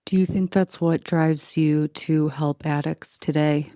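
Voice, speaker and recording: A woman hosting an interview, asking soft, supportive questions. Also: low-pitched, steady tone, a little slow. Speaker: interview host.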